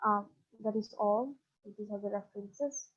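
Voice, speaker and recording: A woman's voice: medium pitch, a little slow, highs cut off. A woman giving a student medical presentation in a tentative, filler-heavy way.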